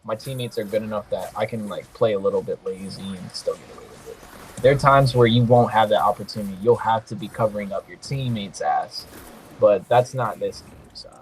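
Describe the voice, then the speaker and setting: A young man commenting on his own mobile game match, excitable and swearing freely, with quick apologetic asides. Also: on the low side, slight background noise. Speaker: gaming podcast host. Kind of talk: casual gameplay commentary.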